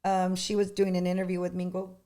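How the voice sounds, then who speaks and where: A middle-aged woman, a singer, chatting as an interview guest with lots of restarts and lively retelling. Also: fairly low pitch, a little fast. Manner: chatty, animated storytelling with many restarts. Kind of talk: casual interview chat.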